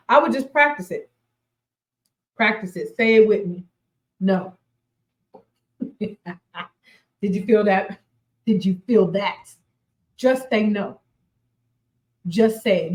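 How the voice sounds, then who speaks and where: A woman's voice: on the high side, darkish tone, roomy sound, low-quality recording. A woman in her forties hosting a radio show, giving casual motivational talk, emphatic and repeating herself, laughing often. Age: 40s.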